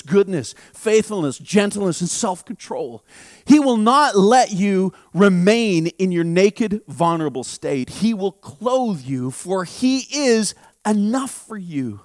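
A man preaching a sermon as a pastor, repeating phrases and building to impassioned shouts. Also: high-pitched, dry recording, clean studio sound.

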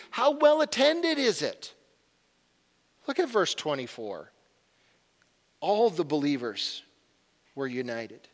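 A man in his forties preaching a sermon as a pastor, earnest and confessional, building to urgency. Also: sits high. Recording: long hall reverb.

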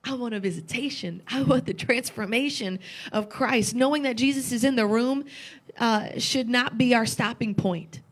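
A woman's voice: a little high, normal speed. A woman preaching a sermon with passion, repeating phrases and asking rhetorical questions, at times tearful.

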